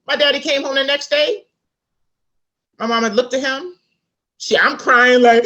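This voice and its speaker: A woman's voice: high-pitched, a little slow, pauses often, dull audio. A woman author from South Carolina, telling a family story in a casual interview and acting out the people in it. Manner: animated storyteller, acts out quoted voices. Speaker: author guest.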